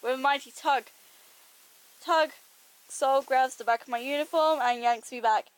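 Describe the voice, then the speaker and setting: Woman, high voice, sore throat, amateur story reading, chatty, self-deprecating. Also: normal speed, clear, resonant tone. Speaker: amateur audiobook reader. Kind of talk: reading her own story aloud, with asides.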